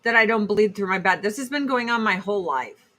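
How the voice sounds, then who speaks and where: A woman's voice: mid-range voice, expressive, fairly quick, fairly bright tone. A middle-aged woman hosting a casual livestream chat and selling beauty products, talking in a blunt, profane, rambling way.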